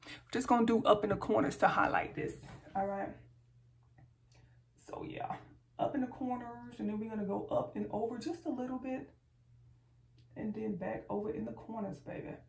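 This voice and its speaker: A woman's voice: fairly high pitch, fairly even intonation, a little fast, vocal fry, a little mellow. A woman vlogger chatting casually and playfully to her viewers while doing her makeup, calling them y'all, filmed by a camera set far back in a room at home. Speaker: beauty vlogger. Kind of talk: casual get-ready-with-me chat. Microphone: far camera mic. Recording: roomy, distant, faint background noise.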